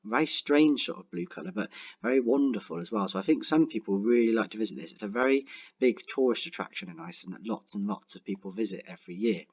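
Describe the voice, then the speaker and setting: A young man teaching a writing lesson online, talking clearly and encouragingly and slowing down to dictate example sentences. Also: lowish voice, lively intonation, dull audio. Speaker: primary school teacher.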